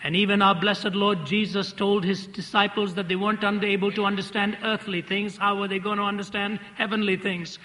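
A man delivers a sermon as a vivid storyteller, leaning on repeated phrases. His voice is bright and a touch high. A long reverb from the large hall trails every line. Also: steady tone, normal speed. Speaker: preacher. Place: large hall before an audience.

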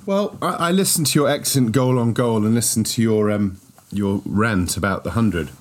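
A man joining a sports podcast as a guest, speaking in a measured, hesitant way with many ums. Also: on the low side. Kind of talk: casual sports chat.

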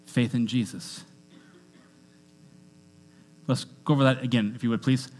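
A man preaching a sermon to a church congregation, energetic, often asking the crowd to repeat lines after him. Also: medium pitch, a little slow, pauses often. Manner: energetic, with call-and-response to the congregation. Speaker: pastor.

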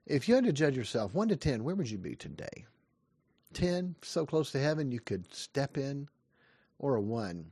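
A man's voice: mid-range voice, husky, no room sound, clean studio sound. Earnest man in his fifties preaching. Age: 50s. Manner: earnest, lively preaching with rising questions and quick asides. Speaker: pastor. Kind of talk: short devotional sermon.

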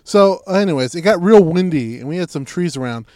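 A man's voice: a little high, animated, brisk, dark tone, no room sound, clean studio sound. A young adult man co-hosting a podcast, telling a long rambling story in casual, profane chat full of fillers. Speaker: podcast co-host.

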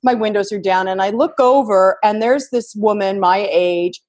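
A woman in her fifties talks as a guest in a casual podcast chat, telling stories with lots of animation. Her voice sits at an ordinary middle pitch, and she giggles her way through the story. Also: moderate pace, darkish tone. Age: 50s.

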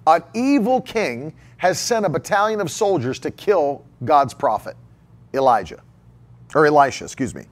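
A man's voice: a little high, lively intonation, moderate pace. A male preacher delivering a sermon emphatically, repeating key phrases and posing rhetorical questions to the congregation.

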